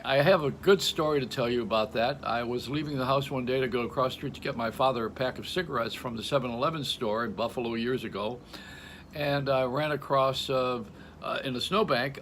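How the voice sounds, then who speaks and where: A man's voice: medium pitch, a bit bright, a little hiss or hum. An older man hosting, talking in a rambling, joking stream-of-consciousness monologue with frequent laughs, recorded at home. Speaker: radio host. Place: home in Florida.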